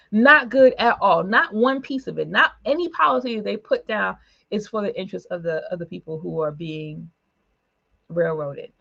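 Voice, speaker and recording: A woman speaking emphatically in a political broadcast discussion, with quick asides and short laughs. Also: medium pitch, creaky, a bit bright, highs cut off. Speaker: panelist for a women's political organization.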